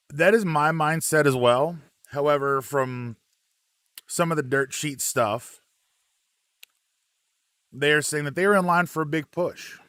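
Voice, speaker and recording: A man hosting a relaxed live wrestling chat, reading out viewer comments with plenty of ums and uhs. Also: fairly high pitch, a little slow, pauses often, smooth, no echo, clean studio sound.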